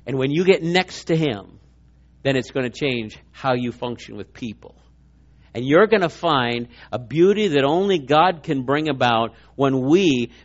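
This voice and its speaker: A male preacher giving an animated, emphatic sermon, acting out scenes. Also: sits high. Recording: muffled lo-fi sound.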